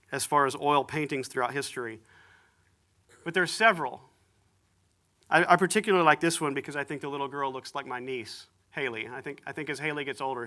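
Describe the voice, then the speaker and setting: A man's voice: on the high side, sharp tone. A man preaching a sermon, retelling a story in an easygoing way with slang and acted-out dialogue. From United States. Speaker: pastor. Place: church.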